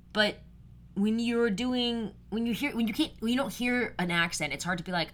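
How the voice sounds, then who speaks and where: A young woman in her twenties hosts her podcast solo. Her voice sits low for a woman, and she chats loosely, rambling through her asides with plenty of ums. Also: normal speed, a bit bright, slight background noise. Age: 20s. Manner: chatty and rambling, many fillers. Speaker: podcast host. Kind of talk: casual solo podcast chat.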